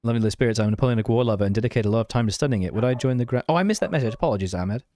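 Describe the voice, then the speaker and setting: A man's voice: mid-range voice, rapid-fire, mellow. Self-mocking young man streaming a game. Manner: self-mocking, chatty, reads and answers chat. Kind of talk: casual live-stream gameplay chat.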